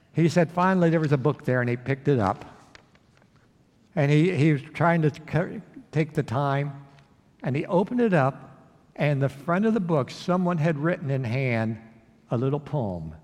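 Man, pastor, sermon, storytelling, fairly high voice, long hall reverb. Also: moderate pace. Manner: storytelling with acted quotes, asks the congregation questions. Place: church sanctuary.

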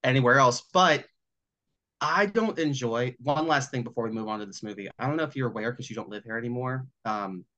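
Texas guy in his 30s, podcast co-host, bright punchy voice, blunt jokey and profane. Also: mid-range voice, fairly quick, dull audio. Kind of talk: casual chat.

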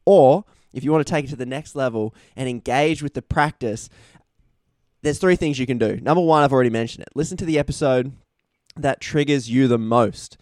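A man's voice: mid-range voice, a little fast, a little mellow, dry recording, studio quality. A man hosting a casual podcast interview, chatty and teasing his guest. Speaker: podcast host.

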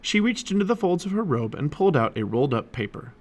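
A man's voice: on the high side, fast. A man narrating a children's chapter book aloud for his family. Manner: animated storytelling. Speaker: storybook reader.

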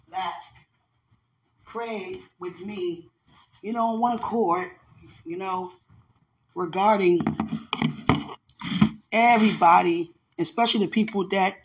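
This high-voiced man livestreams from his home kitchen, talking casually to viewers as he cooks, with slight background noise. The room is roomy and echoey, dishes clatter faintly, and he's earnest and religious, laughing a lot as he rambles.

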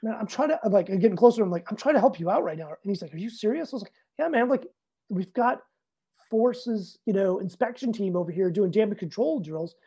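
Animated, swearing man telling a story. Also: sits high, fast talker, breathy edge. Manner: animated, profane, acts out both sides of dialogue. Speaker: podcast guest, Navy master chief. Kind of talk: casual anecdote in an interview.

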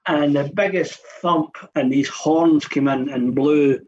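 A man's voice: a little high, slow, a little mellow, slightly rough, faint music behind. A man in his fifties, a guest on a radio show, telling long anecdotes in a rambling way with many restarts. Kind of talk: casual radio chat. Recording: dull, muffled radio studio sound.

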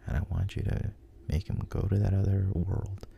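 A man's voice: low voice, level tone, normal speed, gravelly, muffled recording, a little hiss or hum. A man in whispered role-play voicing a weary, stubborn aging male superhero. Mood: wistful.

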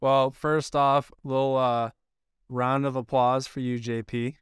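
Smooth-voiced man telling a rambling story. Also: medium pitch, level tone, unhurried, no room sound. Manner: profane, rambling, heavy on filler words. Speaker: podcast host. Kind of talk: casual storytelling.

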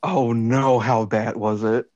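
A man's voice: medium pitch, fairly even intonation, slow, darkish tone, dry recording, highs cut off. A man co-hosting a podcast, reacting and swearing in casual banter. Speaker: podcast co-host.

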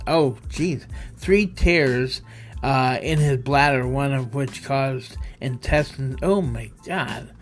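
A man hosting a casual solo podcast, reading odd news stories in a loose, rambling way and stumbling over words. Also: medium pitch. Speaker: podcast host.

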